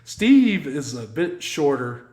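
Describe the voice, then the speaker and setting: A man co-hosting a podcast, telling a long story in a casual, animated way, swearing freely and acting out what people said. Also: a little high, slow, echoey room. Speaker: podcast co-host.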